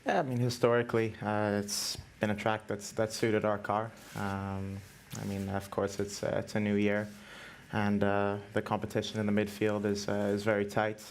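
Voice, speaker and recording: Male driver from Canada, monotone and gravelly, halting filler-heavy answers. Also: lowish voice, a little hiss or hum. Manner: hesitant, many fillers. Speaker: racing driver. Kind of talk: press conference answers.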